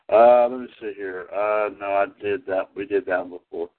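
Podcast host, male, low and unhurried, halting with fillers, on a phone-quality line. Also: fairly even intonation. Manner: halting, many fillers, laughs easily. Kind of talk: casual wrestling podcast chat. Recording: tinny phone-line sound.

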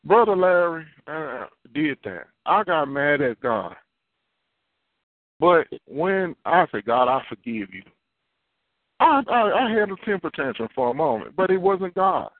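Speaking a little slowly in a slightly high, sing-song voice, a man delivers an earnest, confessional sermon as a prophet and keeps repeating his key phrases. There's no echo; the sound is dry and tinny, like a phone line.

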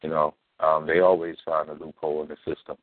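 A man hosting a talk radio show, with a steady, laid-back delivery, often pausing on "um" and clearing his throat. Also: very deep voice, dry recording. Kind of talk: casual talk radio commentary. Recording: dry, tinny phone line.

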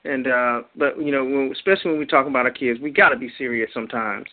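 A man hosting a community call, talking in a relaxed way with many fillers. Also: medium pitch, quick pace. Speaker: call host. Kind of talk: casual chat. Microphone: phone or call line. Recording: tinny phone line.

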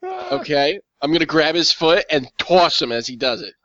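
Male player, lively up-and-down voice, brash, swears; dull lo-fi sound, dry; brief: rowdy gamer. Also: a little high, normal speed, dry recording. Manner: boisterous, swears, jokes. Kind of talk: casual tabletop game chat.

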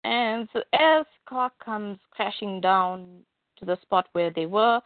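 A woman's voice: medium pitch, slow pace, dry recording, narrow, tinny audio. Casual comic recap from a woman, dry sound, kinda phone-y. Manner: chatty, retells scenes with "she's like". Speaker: comic reader and narrator. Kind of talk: casual comic book retelling.

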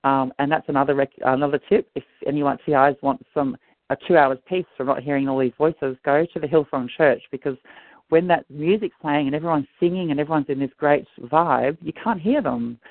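Over a tinny, dry phone line, a middle-aged Australian guest tells a rambling, earnest, agitated personal account. His voice is fairly high and fairly quick, with no echo.

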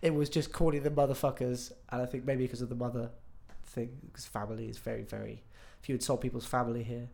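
A man's voice: medium pitch, level tone, quick pace, gravelly, hardly any pauses, mellow. A young man, a musician guest, chatting casually on a podcast, swearing freely and laughing easily.

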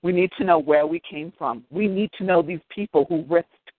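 A man's voice: a little high, moderate pace, no echo. Impassioned man on a dry phone line. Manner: emphatic and impassioned, rousing. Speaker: podcast co-host. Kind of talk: reading history and plugging a podcast.

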